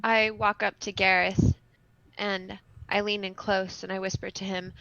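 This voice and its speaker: Woman player, bright forceful voice, casual. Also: medium pitch, level tone, a little slow, creaky, no echo, muffled recording. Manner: casual, chatty. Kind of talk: tabletop game play.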